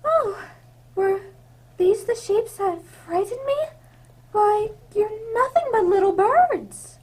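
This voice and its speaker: A woman playing a sweet, gentle young princess who frightens easily, in a radio drama. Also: extremely high pitch, animated, slow pace, exaggerated voice. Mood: sweet, wondering. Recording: loud background noise.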